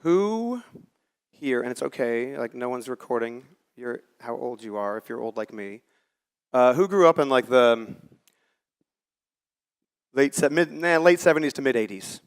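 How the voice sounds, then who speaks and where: Speaking from a conference stage to a live audience, a man in his forties tells stories conversationally and performs the lines he quotes. His mid-range voice is animated and clean, with a measured pace and frequent pauses.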